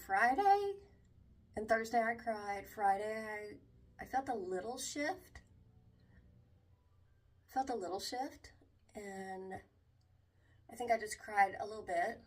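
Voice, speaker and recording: A middle-aged woman vlogging candidly about her struggles, halting and emotional, with many restarts. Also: medium pitch, recorded from a distance. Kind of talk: candid personal vlog talk.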